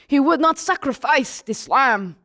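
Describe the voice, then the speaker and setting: Woman telling it as John, lively and high. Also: a little slow, heavily acted. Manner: animated, asks the listeners questions directly. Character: apostle John, a man recalling his days with Jesus. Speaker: storyteller in character. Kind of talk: first-person Bible storytelling.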